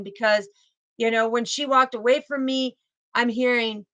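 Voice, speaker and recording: A woman's voice: a little high, fairly even intonation, a little slow, pushed and bright, no echo. A woman giving an emphatic spiritual tarot reading and repeating her key phrases. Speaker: tarot card reader.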